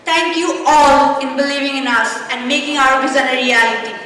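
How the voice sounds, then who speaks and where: A woman's voice: sits high, fairly even intonation, moderate pace, bright, forceful tone. A woman giving a formal vote of thanks at an award night, reading out long lists of sponsors and team members. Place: large hotel event hall. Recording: echoey hall, voice from a distant mic.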